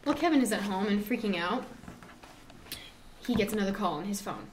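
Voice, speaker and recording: A woman's voice: medium pitch, expressive, brisk. A teenage girl casually retelling a novel's plot, slipping into quoted voices. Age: teens. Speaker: student storyteller. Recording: distant mic with background noise.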